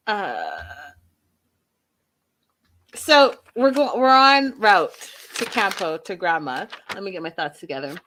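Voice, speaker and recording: A woman's voice: medium pitch, very animated, slow, long pauses, bright, forceful tone. A woman hosting a reality-show recap in a casual, opinionated way, telling stories and acting out what people said. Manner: chatty storyteller, acts out quotes, opinionated asides. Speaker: host reviewing a reality show.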